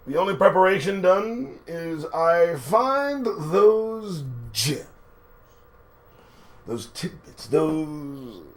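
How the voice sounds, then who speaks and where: A man hosting a live commentary stream, riffing casually with sarcastic, profane asides while reading out news items. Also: fairly high pitch. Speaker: show host.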